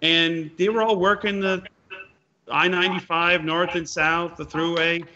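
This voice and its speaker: A man's voice: on the high side, flat delivery, unhurried. A man interviewing a fellow musician in a chatty way, using musician slang. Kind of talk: casual conversational interview. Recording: dull lo-fi sound with faint noise.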